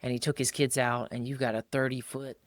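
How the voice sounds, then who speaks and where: Animated man in dry, close podcast sound. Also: mid-range voice, fairly quick, dry recording. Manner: animated, mimics other people's voices when quoting them; colloquial, calls listeners "bro". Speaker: podcast co-host. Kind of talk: casual conversational podcast.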